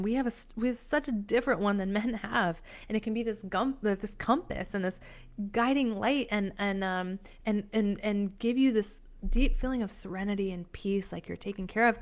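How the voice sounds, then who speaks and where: Woman, young adult, motivational coach on a live stream; emphatic, gushing, restarts a lot, middle pitch. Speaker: empowerment coach hosting a live session.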